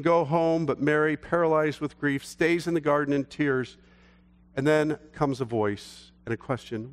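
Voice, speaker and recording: A middle-aged male pastor preaching a sermon, telling a story and slowing down for emphasis. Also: on the high side. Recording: long hall reverb.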